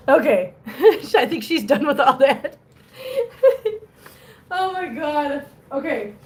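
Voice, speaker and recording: A woman's voice: high voice, animated, very slow, pauses often. Chatty woman cooing at her cats. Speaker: vlog host. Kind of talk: casual livestream chat. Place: home room with litter boxes. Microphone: phone. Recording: echoey room with faint noise.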